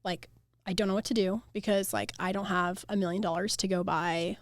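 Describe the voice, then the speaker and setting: A woman's voice: medium pitch, steady tone, fairly quick, no room sound, studio quality. A young woman who owns a flower farm, talking in a casual, chatty podcast interview and saying "like" a lot. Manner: chatty, heavy use of "like".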